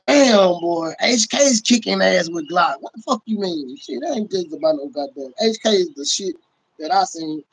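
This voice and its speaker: A man's voice: high voice, expressive, moderate pace, breathy edge, poor audio. Boisterous, profane man ranting on a livestream. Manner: profane, boisterous, laughing often. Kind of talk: casual livestream rant.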